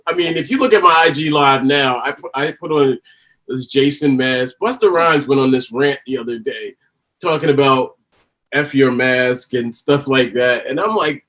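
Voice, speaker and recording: A man telling stories as a podcast guest, animated and laughing often. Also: on the high side, moderate pace. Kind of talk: casual interview chat.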